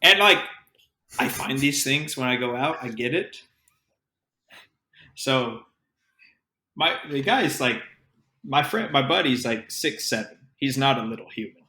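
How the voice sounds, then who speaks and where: A man co-hosting a podcast, telling an animated, profanity-laced story in casual chat. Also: medium pitch, unhurried, pauses often. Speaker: podcast co-host. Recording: roomy echo.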